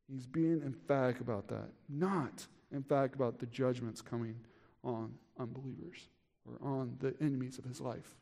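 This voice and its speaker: Earnest pastor preaching in a reverberant hall. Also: male voice, normal speed, darkish tone. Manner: earnest, rising to emphatic peaks and dropping low. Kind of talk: sermon.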